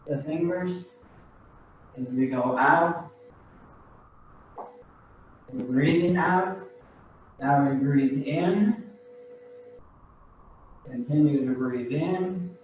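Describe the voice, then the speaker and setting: A man teaching qigong, calmly and slowly cueing each breath and movement. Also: fairly high pitch, slight background noise. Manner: slow, calm cueing of breaths. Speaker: qigong instructor. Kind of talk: guided movement and breathing instruction. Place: practice studio room. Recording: very echoey, distant, dull room sound.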